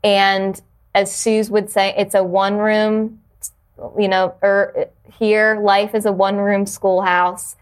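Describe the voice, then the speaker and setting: A woman's voice: medium pitch, flat delivery, slow pace, clean tone. A woman guest on a podcast, talking earnestly and reflectively about purpose, with frequent restarts. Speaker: podcast guest, yoga teacher. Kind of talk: casual interview conversation.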